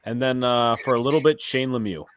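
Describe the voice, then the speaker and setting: Guy on a sports stream, mid pitch, flat offhand delivery, dead dry mic. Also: fairly quick, clean tone, no echo. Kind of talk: casual sports chat.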